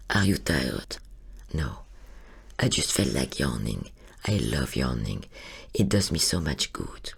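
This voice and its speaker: A woman reading a literary monologue, husky and creaky, often sinking into a whisper. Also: very deep voice. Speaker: narrator.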